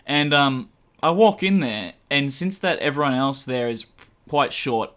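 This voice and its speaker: A man's voice: medium pitch, lively intonation, measured pace, fairly bright tone. A man co-hosting a casual podcast, laid-back and sweary, with lots of fillers. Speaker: podcast co-host.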